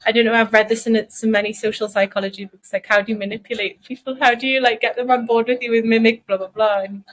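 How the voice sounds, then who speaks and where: Geordie woman, podcast co-host, chatty, slightly high voice. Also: level tone, fast talker, rough recording. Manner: chatty, thinks aloud with many asides. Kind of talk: casual podcast chat.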